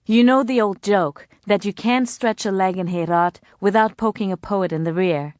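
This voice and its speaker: A woman reading the lines of a kindly, balding middle-aged male orphanage director, gently joking and cordial. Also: mid-range voice, moderate pace, dry recording, clean studio sound, close to an everyday voice. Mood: genial.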